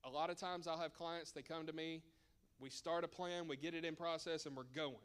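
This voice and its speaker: A man's voice: on the high side, fairly even intonation, fairly quick, a bit bright, clear, resonant tone. A man presenting at a church seminar as a financial advisor, conversational and emphatic with joking asides.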